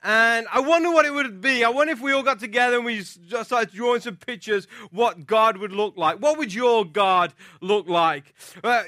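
A man with a bright, high voice preaches to his congregation, telling a personal story with lively, animated energy. His voice sounds close and dry, with little room around it. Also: no room sound. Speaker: pastor. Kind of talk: sermon with storytelling.

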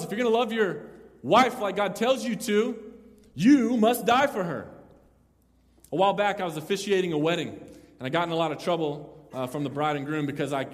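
A young man preaching to a roomful of listeners, swinging between loud, slow emphasis and quiet joking asides. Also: a little high. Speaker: pastor. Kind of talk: sermon. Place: large room with an audience. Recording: long hall reverb.

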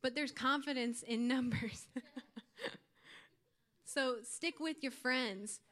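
A woman's voice: sits high, slow pace, pushed and bright. A young woman giving an earnest, informal youth sermon to her church group, with light laughs. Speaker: youth speaker.

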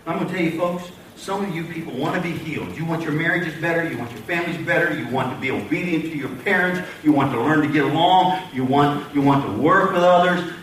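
A man preaching a sermon as a pastor, dramatic, rising to shouted pleas and dropping to hushed tones, recorded from a distance in an echoey church. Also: a little high, a little fast, slight background noise. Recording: echoey hall heard from a distance.

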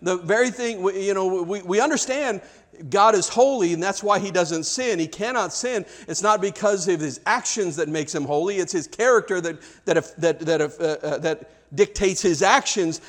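A man with a rather high voice preaches a sermon, talking to his congregation like a friend. He is animated and conversational, often restarting his words as he goes. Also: normal speed. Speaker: pastor.

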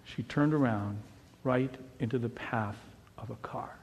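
A middle-aged man preaching a sermon in a lively way, his voice swinging from near whispers up to sudden shouts. His pitch is mid-range and not unusual for a man. A long reverb from the room hangs on each phrase. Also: a little slow, dull audio. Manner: animated preaching, swinging between hushed and shouting. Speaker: pastor.

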